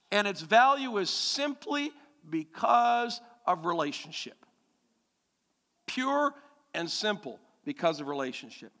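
A male pastor preaching a sermon in church, emphatic and animated, repeating key phrases and asking the congregation questions. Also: extremely high pitch, big-room sound.

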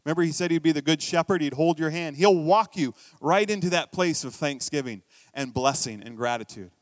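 A middle-aged male pastor preaches in a chatty, storytelling way, dropping into hushed asides and then jumping up into lively bursts of emphasis. His voice sits a bit higher than most men's. The sound is dry and close, with almost no room in it. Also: brisk, no room sound. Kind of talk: sermon.

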